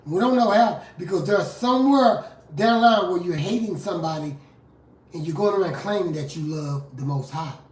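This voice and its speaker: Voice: lively intonation, moderate pace. Fiery preacher, echoey and distant. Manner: fiery and confrontational, swinging from low scripture reading to loud outbursts. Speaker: street preacher and rap artist. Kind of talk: impassioned live preaching on scripture. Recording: roomy echo from a distant mic.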